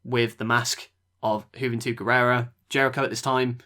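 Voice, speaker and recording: A man's voice: mid-range voice, little pitch movement, moderate pace, sharp tone. A man hosting a podcast, reviewing matches in a rambling casual chat that often trails off. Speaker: podcast host.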